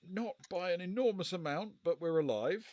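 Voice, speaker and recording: A man's voice: high voice, expressive, moderate pace, a little mellow. A man co-hosting a casual live gamebook play-through, reading passages aloud and weighing the choices with dry understatement.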